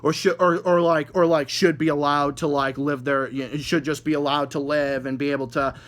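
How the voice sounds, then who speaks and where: A man delivers a heated rant straight to his audience, cursing constantly and tripping over repeated words. His voice sits a bit high for a man, and it turns biting and sarcastic when he jabs at people he disagrees with. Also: steady tone, a little fast, fairly bright tone. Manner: mocking, sarcastic. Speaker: vlogger ranting to viewers. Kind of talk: angry profane rant.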